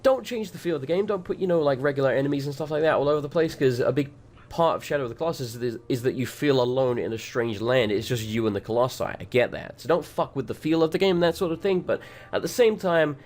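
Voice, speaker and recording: A man's voice: medium pitch, fast talker, hardly any pauses, a little mellow. A man casually commenting on his gameplay as a let's play host, brash and profane, with a voice that keeps cracking. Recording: voice with game music behind.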